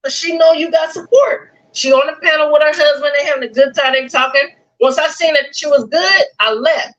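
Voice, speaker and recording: Female caller, animated storyteller, a bit high, muffled call sound. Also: fairly quick. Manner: animated retelling, acts out quotes. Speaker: livestream guest. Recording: dull lo-fi call audio.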